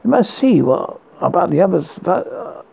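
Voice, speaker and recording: A man's voice: sits high, very animated, gravelly, darkish tone, breathy edge, full character voice. A man voicing an eager young doctor. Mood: hurried, polite. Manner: questioning, brisk and polite.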